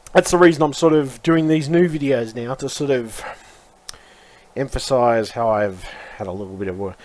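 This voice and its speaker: A man vlogging in a rambling, frustrated way, swearing often and circling back on his words. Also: medium pitch. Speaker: YouTuber. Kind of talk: casual rambling vlog.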